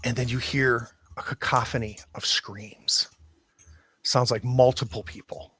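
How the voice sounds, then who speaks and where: A man acting as game master, narrating a tabletop horror game in a slow, hesitant way with many pauses and restarts. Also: mid-range voice, steady tone, pushed and bright, breathy edge.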